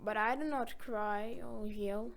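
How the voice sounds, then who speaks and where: A woman voicing a calm, philosophical old tuna who speaks in a slow, measured, resigned way. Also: on the high side, vocal fry.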